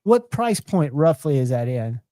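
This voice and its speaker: A man's voice: on the high side, big pitch swings, measured pace, warm tone, no room sound. A man, chatting casually and enthusiastically as host of a live knife show.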